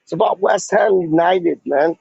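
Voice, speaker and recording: A man's voice: on the high side, moderate pace, vocal fry, darkish tone, breathy edge, no room sound. A man chatting casually on a livestream as a fan vlogger, rambling in slang and filling his talk with "like" and "man". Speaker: fan vlogger reading live chat. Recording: dull lo-fi audio.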